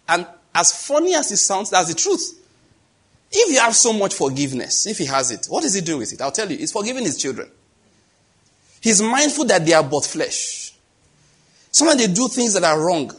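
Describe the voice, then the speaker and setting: A man's voice: high-pitched, sing-song, moderate pace, a bit bright, slightly rough. A middle-aged man with a Nigerian accent preaching a sermon, telling stories, acting out the dialogue and laughing at his own jokes. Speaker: pastor.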